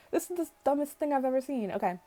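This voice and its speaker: A woman's voice: high voice, lively intonation, brisk, warm tone. A woman giving casual, incredulous and joking commentary while playing a game and reading its text aloud. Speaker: let's play gamer.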